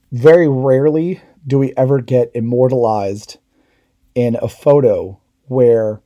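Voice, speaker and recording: A man's voice: mid-range voice, warm tone, no echo, studio quality. A middle-aged man, a veteran hosting a podcast, telling war stories in a casual, candid way and swearing freely. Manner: candid, swears freely, quotes comrades in raised voices. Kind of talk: casual storytelling.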